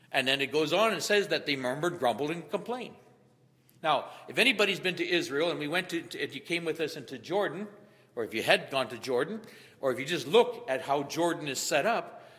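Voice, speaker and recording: A middle-aged man preaching a sermon as pastor, rising to loud emphatic peaks in an echoing church hall. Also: a little high. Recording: long hall reverb.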